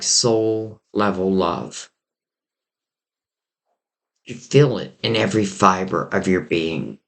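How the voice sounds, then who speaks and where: A man with a lowish voice and noticeable vocal fry does a relaxed, rambling tarot reading. He reflects aloud with lots of fillers, his voice fading as he goes.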